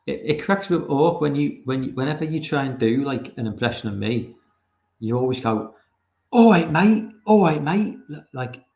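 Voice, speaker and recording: A man with a Liverpool accent talks with a gravelly, fry-laden voice, rambling and swearing freely as he chats over a film. The sound is roomy and a bit dull, like lo-fi stream audio in an echoey room. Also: medium pitch, darkish tone. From Liverpool, England. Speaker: live stream host. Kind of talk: casual live film commentary.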